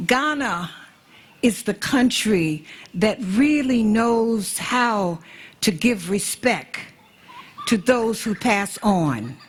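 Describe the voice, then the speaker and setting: A woman from the United States who serves as an ambassador, giving an emotional memorial speech at a slow, measured pace and repeating key phrases for emphasis. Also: medium pitch, husky.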